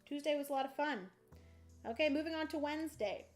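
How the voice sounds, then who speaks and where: Narrating her solo board game playthrough on a livestream, a woman talks through each move in a bubbly, playful way, putting on a playful country twang. She has a high voice and talks fast over soft background music.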